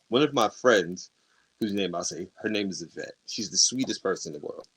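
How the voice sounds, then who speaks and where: A man's voice: low voice, lively intonation, fairly quick, breathy edge. A man co-hosting a podcast, telling a long personal story in casual chat, acting out the arguments and laughing often. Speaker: podcast co-host.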